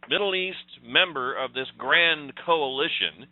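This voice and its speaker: A man co-hosting a casual political chat, with mocking sarcasm and a quick laugh. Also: fairly high pitch, expressive, dry recording. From United States. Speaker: co-host. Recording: dry, phone-like sound.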